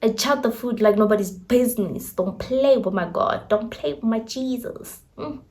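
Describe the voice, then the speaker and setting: A young woman, casually telling a faith testimony as a vlogger, expressive and slangy, acting out her own quotes. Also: a little high, moderate pace.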